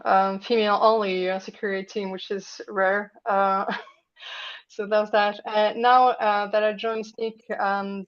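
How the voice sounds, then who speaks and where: A woman's voice: medium pitch, dull audio. A woman from France, a guest in a casual interview, talking with many fillers and light laughs over a video call.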